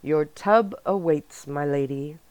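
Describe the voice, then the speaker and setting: A woman voicing a mock-formal, fussy young werewolf man in a soft-spoken ASMR audiobook reading. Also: fairly low pitch, expressive, slow pace, no echo.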